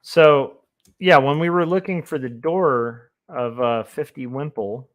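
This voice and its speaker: A comic artist streams his work, chatting casually in a rambling, self-amused way. He has a medium-pitched voice and an unhurried delivery.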